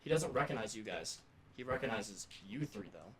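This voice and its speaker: Low-voiced game master narrating a scene. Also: male voice, lively intonation, crowd noise. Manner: quick, vivid scene-setting narration. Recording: echoey room with background noise.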